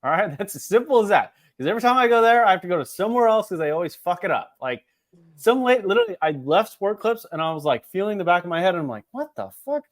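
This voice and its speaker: A man's voice: high voice, fast. A man co-hosting a podcast, telling a story in casual chat, acting out the other people in it and swearing freely. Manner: animated, profane, acts out other people's lines. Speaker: podcast co-host.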